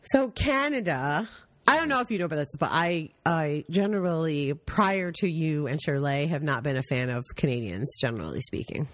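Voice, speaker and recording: A woman's voice: low-pitched, normal speed, dry recording. A woman hosting a podcast in casual chat, blunt and profane, telling stories with mocking asides. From United States. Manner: blunt, profane, animated storytelling with mocking voices. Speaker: podcast host.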